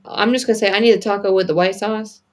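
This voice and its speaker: A woman chiming into a casual chat over a video call with quick agreeing interjections. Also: medium pitch, steady tone, darkish tone, slight background noise.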